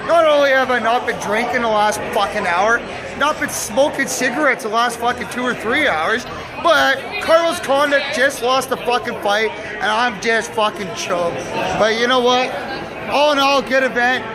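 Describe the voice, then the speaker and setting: A man's voice: very high-pitched, normal speed. A man giving a rambling, profane comic sports report from an indoor arena at a fight event. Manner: rambling, crude, swears constantly. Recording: loud crowd and music behind. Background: loud arena crowd and music.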